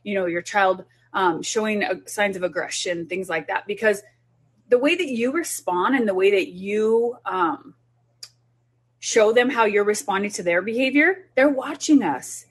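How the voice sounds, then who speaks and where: A woman's voice: medium pitch, a little slow, slightly rough. A woman who is a child development specialist, talking parents through a group session in an earnest, instructive way.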